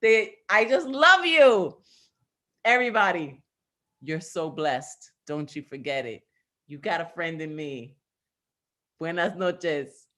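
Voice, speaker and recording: A woman's voice: fairly low pitch, expressive, takes it slowly, pauses often, a bit bright. A woman hosting an online open mic over a video call, gushing and emotional as she wraps up.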